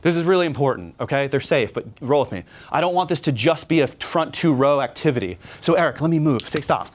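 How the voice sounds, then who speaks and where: Addressing a room of magicians at a convention workshop, this fast-talking man with a higher voice stays lively and chatty. He slips into stage patter for demonstrations and keeps asking "right?"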